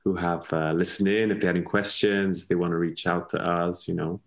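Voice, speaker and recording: A man with a very low voice and a gravelly, crackling edge talks as a podcast guest. His speech is casual and meandering, doubling back on words and leaning on fillers as he goes. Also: little pitch movement, fairly quick. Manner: rambling with many restarts and fillers. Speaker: podcast guest, ballet dancer. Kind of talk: casual conversational interview.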